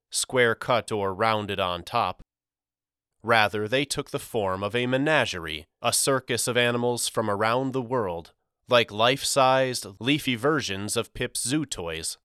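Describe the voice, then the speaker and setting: A man reading a novel aloud as an audiobook, measured and expressive. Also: fairly low pitch, smooth, no echo, studio quality. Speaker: audiobook narrator. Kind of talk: scripted audiobook narration.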